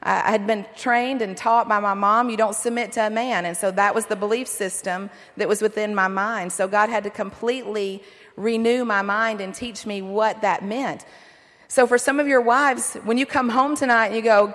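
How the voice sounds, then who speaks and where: A middle-aged woman giving a sermon-style talk to a men's conference, earnest and encouraging, with lively asides. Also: fairly high pitch, moderate pace. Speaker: pastor's wife speaking at a men's conference. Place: large hall. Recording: long hall reverb.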